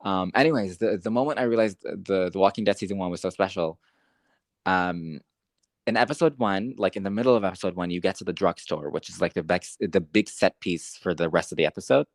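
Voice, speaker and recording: A young man co-hosting a podcast, talking casually with lots of fillers, rambling and getting excited. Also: deep voice, a little fast, no room sound. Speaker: podcast co-host. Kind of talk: casual chat.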